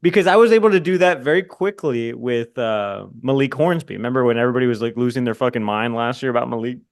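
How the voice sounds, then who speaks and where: Rambling, profane podcast host. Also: male voice, medium pitch, fast, clear, resonant tone. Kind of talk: casual sports podcast chat. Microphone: podcast microphone.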